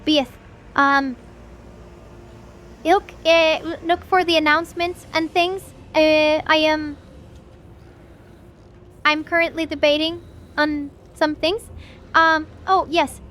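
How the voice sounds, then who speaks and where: A woman streamer wrapping up a live stream, gushing with excitement and tripping over her own words. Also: high voice, slow pace, pauses often, slight background noise. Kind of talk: livestream wrap-up chat.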